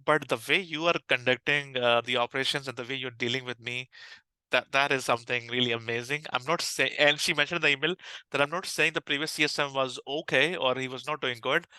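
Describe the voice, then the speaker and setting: A man with a Pakistani English accent answering interview questions about his job in an energetic way, with frequent restarts and fillers. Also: medium pitch, brisk, clean tone, no room sound, poor audio. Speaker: customer success manager, podcast guest.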